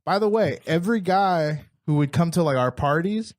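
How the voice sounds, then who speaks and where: A man's voice: a little high, normal speed, no room sound. A man co-hosting a podcast, telling stories in casual chat and laughing often. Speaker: podcast co-host.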